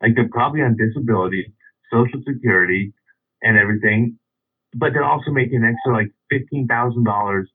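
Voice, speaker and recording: A man's voice: mid-range voice, brisk, breathy edge. A man casually telling a long anecdote, rambling with many restarts and chuckles. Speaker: storyteller. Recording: phone-like radio line.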